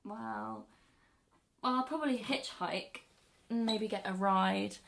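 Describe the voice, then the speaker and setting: An actress playing a defiant young runaway who speaks in a guarded, blunt way. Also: female voice, mid-range voice, big pitch swings, slow, creaky, a bit bright, slight background noise, exaggerated voice. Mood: flat. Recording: roomy echo.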